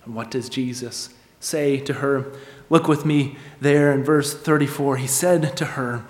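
A male pastor preaching a sermon, speeding up and dropping to a hush as he acts out the voices of the story. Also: medium pitch, fairly even intonation, measured pace. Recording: echoey hall.

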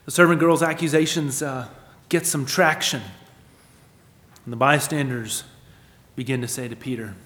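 A man preaching a sermon, asking rhetorical questions and moving between emphatic lines and hushed ones. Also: medium pitch, steady tone, moderate pace, long reverb tail. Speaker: pastor.

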